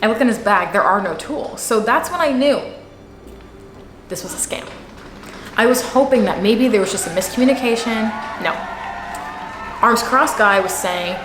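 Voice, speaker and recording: A woman vlogger telling a story in a sarcastic, animated way, acting out the people in it. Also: fairly high pitch, normal speed, pauses often, echoey room, noisy background. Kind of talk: casual storytelling vlog.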